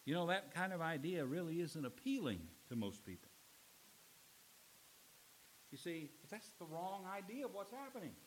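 A middle-aged man preaching a sermon as pastor. He swings from loud, emphatic lines to low, quiet ones. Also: big pitch swings, moderate pace, pauses often, slight background noise, rough recording.

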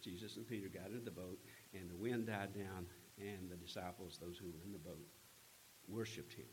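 A man preaching a sermon, retelling a scripture story in an earnest, unhurried way with frequent pauses. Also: low-pitched, steady tone, a little hiss or hum, poor audio. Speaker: pastor.

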